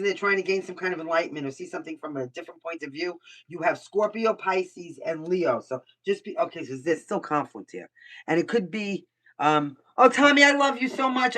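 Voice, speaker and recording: A woman's voice: lowish voice, a bit bright. An older woman from Brooklyn, giving a casual live tarot reading, blunt and chatty and swearing freely. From Brooklyn, New York. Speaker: tarot reader. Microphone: computer mic. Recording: voice somewhat far from the mic.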